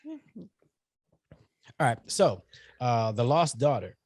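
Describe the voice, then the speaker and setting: A man co-hosting a podcast, talking about a movie in a casual chat, playful and animated. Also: medium pitch, slow, no echo, studio quality. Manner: animated, playful, acts out silly voices. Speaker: podcast co-host.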